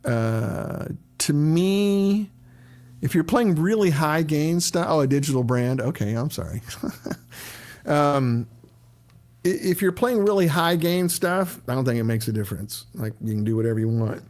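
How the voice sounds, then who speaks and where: A man's voice: fairly high pitch, lively intonation, unhurried, a little mellow. A middle-aged man hosting a casual livestream, chatting loosely and greeting viewers by name as he answers their questions.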